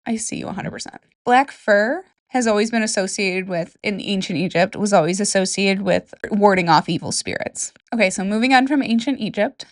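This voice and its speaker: Her mid-range voice comes through clean studio sound with no room sound. She's a podcast host, a young woman from Michigan speaking with that state's accent, chatting and joking solo about folklore from her bedroom with whispered asides.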